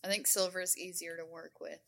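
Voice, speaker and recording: Co-host: woman, bright tone, slightly low pitch, easygoing. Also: level tone, vocal fry. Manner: easygoing, quick to laugh. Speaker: podcast co-host. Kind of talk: casual chat.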